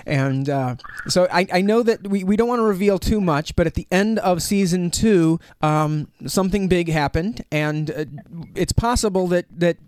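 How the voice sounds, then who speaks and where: A man's voice: high voice, normal speed, few pauses, a little mellow, smooth, no room sound. A man hosting a radio interview, an eager fan who stumbles over his words. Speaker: radio host.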